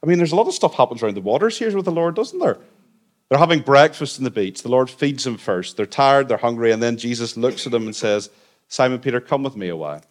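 A man's voice: medium pitch, lively intonation, quick pace. A man pastor delivers a Sunday sermon in a mid-range voice. He is earnest and conversational. He breaks in with light, self-deprecating humor.

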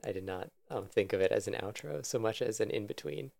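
A man co-hosting a casual podcast chat, quick and joking, laughing often. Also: lowish voice, vocal fry, a little mellow, no echo. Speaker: podcast co-host. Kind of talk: casual chat about anime.

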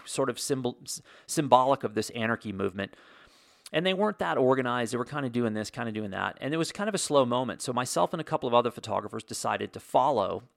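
Gravelly middle-aged male storyteller. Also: mid-range voice, no room sound, studio quality. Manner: conversational, rambling with restarts and asides. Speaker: podcast host. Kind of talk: casual storytelling.

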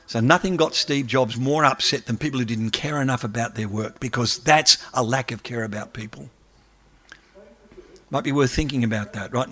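A man, an academic, giving a lively lecture and taking questions from the audience. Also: mid-range voice. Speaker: academic speaker.

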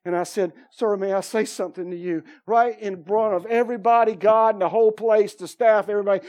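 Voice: medium pitch, steady tone, fairly quick, hardly any pauses, darkish tone. Preacher sharing a personal testimony in a sermon, telling the story vividly and voicing each person's lines. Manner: vivid storytelling with repeated phrases, acting out dialogue.

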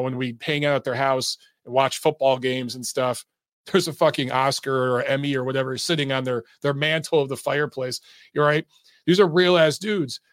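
In a clean studio recording free of room sound, a man with a mid-range voice runs a casual livestream out of Atlanta. As a boxing show host, he rambles about the sport and his acting days, cursing and laughing often.

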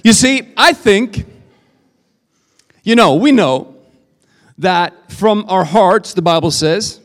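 A man's voice: sits high, animated, slow. A man with a Swedish accent preaching a live sermon as a guest preacher in a church, talking informally with lots of fillers and restarts. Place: church service. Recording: preaching in a reverberant hall.

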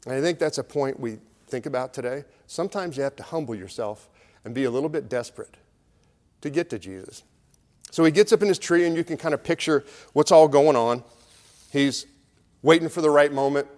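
Middle-aged male pastor, fairly high voice, easy storytelling sermon, long reverb of a church hall. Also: a little fast, a little mellow. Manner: conversational, storytelling preaching with acted crowd voices.

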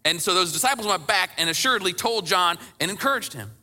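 A male pastor preaching with a very bright, ringing tone and a fairly high voice. He talks in a conversational way, lowers his voice to act out scripture quotes, and builds to passionate emphasis. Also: animated, fast. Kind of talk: sermon.

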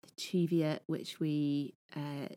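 A woman in her thirties with a slightly low voice tells her story in long, eager sentences. The sound is dry and close, with no room around it. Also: level tone, slow, warm tone, no echo. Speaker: theatre director guest. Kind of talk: casual podcast interview. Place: podcast recording setting.

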